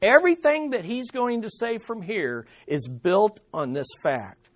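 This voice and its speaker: Male pastor, sermon delivery, high voice, very animated pitch, emphatic with repeated key lines. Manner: slows down on key statements.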